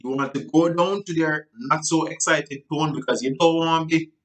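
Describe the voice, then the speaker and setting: A man giving a casual sales training talk, looping back with "right?" and restarting sentences, and acting out client exchanges with sudden high and low voices. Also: steady tone, moderate pace, fairly bright tone. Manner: loose, repetitive, frequent "right?" and restarts; acts out client dialogue with big pitch jumps.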